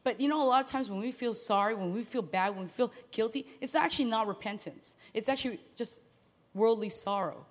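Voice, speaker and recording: A woman preaching in a casual, storytelling way, acting out the characters in quick asides. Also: a little high. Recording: long hall reverb.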